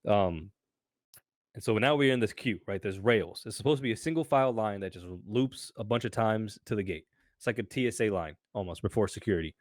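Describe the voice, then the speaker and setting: A young American man, co-host of a podcast, telling a story in a casual, animated way, acting out voices and swearing freely. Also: medium pitch, dry recording, clean studio sound. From United States.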